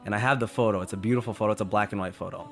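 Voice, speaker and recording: A man's voice: on the low side, steady tone, very fast, fairly bright tone, faint music behind. Casual man telling a story. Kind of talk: storytelling talk.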